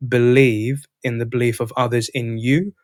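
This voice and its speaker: A man hosting a podcast, telling a coaching story in a casual, animated way. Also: mid-range voice, normal speed, dry recording, studio quality. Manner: animated, acts out both sides of dialogues. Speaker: podcast host and sales coach.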